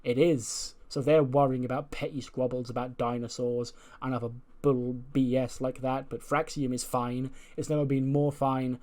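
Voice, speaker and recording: Casual male game commentator, chatty, mid pitch. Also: level tone, normal speed, hardly any pauses, darkish tone. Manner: chatty, loose, laughs at own jokes. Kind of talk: casual playthrough commentary of a wrestling management game.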